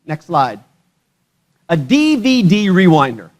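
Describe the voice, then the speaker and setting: A man's voice: high-pitched, huge pitch swings, slow pace. A male pastor giving a sermon at a church service, conversational and joking, often putting questions to the congregation.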